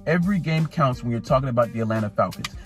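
A man vlogging as a sports fan in a casual rant, animated, repeating and stumbling over his words. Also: mid-range voice, fast, faint music behind. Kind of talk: casual ranting vlog.

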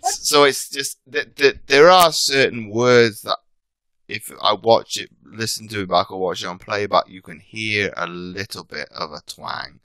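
A very low-pitched British man in his thirties, chatting casually as a podcast guest. He rambles and keeps restarting his sentences. The sound is dry and close, with no room echo. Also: unhurried, pushed and bright. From Britain. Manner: rambling, frequent restarts and self-corrections. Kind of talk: casual interview chat.

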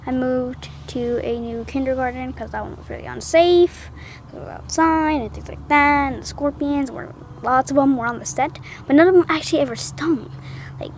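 A young woman at home, telling a personal story for her vlog in an animated, dramatic way with gasps and acted-out lines. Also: high-pitched, slight background noise. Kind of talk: casual storytime. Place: at home, indoors.

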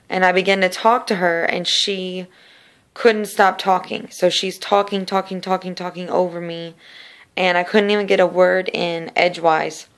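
In a low, clear, resonant voice, a woman shares a personal testimony of faith. She tells it in an earnest, casual storytelling style, often repeating words and slowing down in places.

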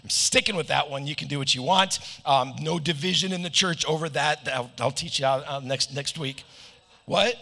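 A middle-aged American pastor delivers a sermon in a high, gravelly voice, slipping into playful joking asides. His tone is very bright and cutting, and it rings with long reverb off a hall. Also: moderate pace.

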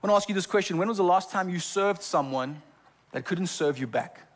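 A male pastor preaches in a church. His voice sits a little high for a man, and he often trips over repeated words before moving on. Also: a little fast. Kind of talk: sermon. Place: church sanctuary.

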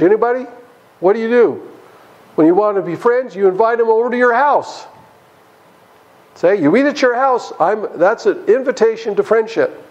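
A man with a high-pitched voice leads a church Bible study, recorded with dull audio. He's animated, speaks directly to his listeners, and acts out the biblical characters in the story.

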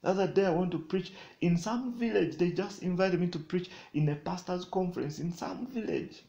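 A man preaching a sermon, swinging between loud declarations and quiet, chuckling asides. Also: sits high, moderate pace, gravelly, dull audio.

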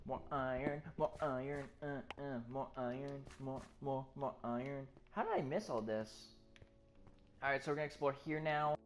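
Swearing nonstop, a let's play gamer talks through live gameplay at a moderate pace, alternating startled yelps with muttered asides. The voice is mid-pitched, and clear music plays in the background the entire time.

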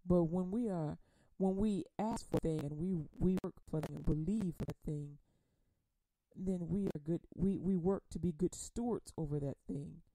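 Teaching Bible study on the radio, a woman talks in a folksy, conversational preaching manner and repeats words, then slows down to read scripture with emphasis. Her pitch is fairly low and her tone dark, in a dry recording.

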